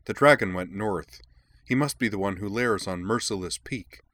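A man's voice: lowish voice, normal speed, a bit bright, dry recording. A man voicing a young boy prince who speaks with urgent, put-on mature dignity. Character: earnest, self-serious boy prince.

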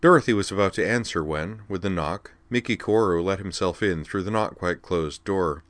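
A man reading a story aloud in an even, measured way. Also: low-pitched, no echo. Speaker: narrator. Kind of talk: audiobook narration.

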